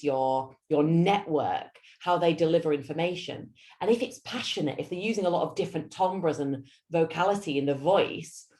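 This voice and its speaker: A woman with a Yorkshire accent coaching a team on public speaking. Her voice sits low, but she delivers it in a theatrical, up-and-down way that keeps the training talk animated. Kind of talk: lunch-and-learn training talk.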